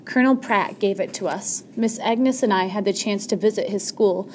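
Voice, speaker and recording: A woman's voice: mid-range voice, normal speed, darkish tone, slight background noise, close to an everyday voice. A woman reading an audiobook, voicing a stern, prim schoolmistress who lectures the children.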